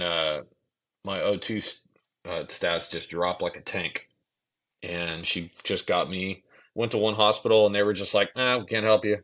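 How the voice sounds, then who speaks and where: A man with a very deep, low voice tells a personal story in an easygoing, conversational way. He acts out the other people in the story and drops the odd curse word. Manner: animated storyteller acting out quotes, swearing casually. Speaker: podcast guest. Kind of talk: casual storytelling.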